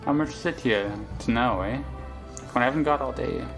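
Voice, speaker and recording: A man's voice: medium pitch, brisk, over music, close to an everyday voice. A man voicing a tough, streetwise young red-haired girl in a vaguely Irish accent, cocky and haggling. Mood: sly. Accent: vaguely Irish, put on. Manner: cocky, haggling, drops "aye" constantly.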